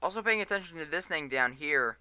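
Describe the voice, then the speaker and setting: A man's voice: on the high side, animated, a little fast, bright, forceful tone, clear, resonant tone, dry recording. A tired man giving live weather radar commentary, reading storm warnings aloud and stumbling over place names. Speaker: storm chaser livestreamer.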